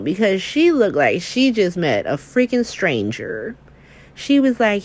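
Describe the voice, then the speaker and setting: A woman's voice: medium pitch, slow. Young adult woman, casual vlogger, mid-range voice, gossipy filler-heavy delivery. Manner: chatty, filler-heavy, profane, animated retelling. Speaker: soap opera recap vlogger. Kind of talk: casual chat.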